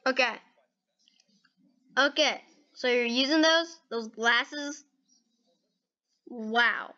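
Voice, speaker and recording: A woman hosts a gaming video with excitable, chatty reaction commentary, repeating "okay" and "dude" constantly. Her voice is fairly high, and the recording sounds muffled.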